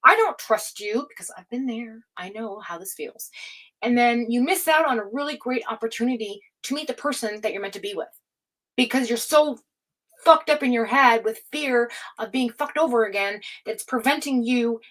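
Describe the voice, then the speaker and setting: A woman giving a tarot reading in a forceful, profane, scolding pep-talk manner, with many fillers and restarts. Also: fairly high pitch, moderate pace. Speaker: tarot reader. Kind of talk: casual spoken tarot reading to camera.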